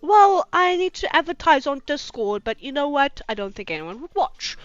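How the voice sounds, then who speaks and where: A woman's voice: high voice, sing-song, moderate pace, no echo. A woman from South Africa, reading fanfiction aloud on a live stream and mocking it with sweary, incredulous asides. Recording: dry, slightly dull home stream audio.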